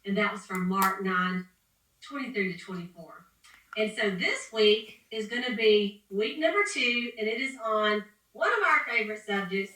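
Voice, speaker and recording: A woman leads a motivational training call in an upbeat, preachy, rambling way. Her voice is bright and sits somewhat high. It sounds echoey and set back from the mic. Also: animated, normal speed. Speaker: sales team leader. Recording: echoey room, distant from the mic.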